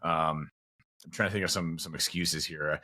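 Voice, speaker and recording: This very deep male voice moves at a moderate pace, bright and forceful, its intonation fairly even. Probably a dad of teenagers, he's a podcast guest who wanders through his stories, full of fillers and false starts, performing the dialogue he quotes.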